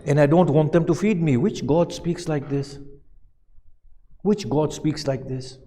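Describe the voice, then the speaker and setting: A man's voice: fairly high pitch, animated, a little slow, warm tone. A man giving a religious lecture who recites verses, translates them and puts questions to his listeners. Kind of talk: Muharram lecture on Quranic verses. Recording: long hall reverb.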